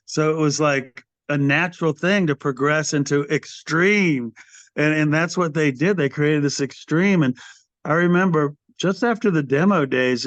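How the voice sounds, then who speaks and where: An older man, the singer of a metal band, appears as a guest in a casual interview, telling rambling stories as an animated storyteller and acting out other people's voices. His voice has a fairly high pitch, and the podcast audio is muffled and dry with no echo.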